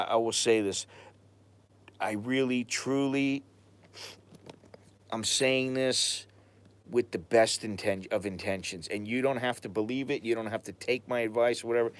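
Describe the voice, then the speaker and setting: A man's voice: on the low side, clean tone. American man, casual live-stream chat, rambling, blunt, stops to hunt for words. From United States. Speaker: expat vlogger answering live chat.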